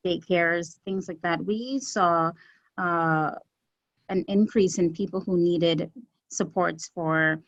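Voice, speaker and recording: A woman who runs a community health center answers interview questions in an earnest, measured way, pausing often with fillers. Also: lowish voice, dry recording, lo-fi sound. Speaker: executive director of a community health center, guest.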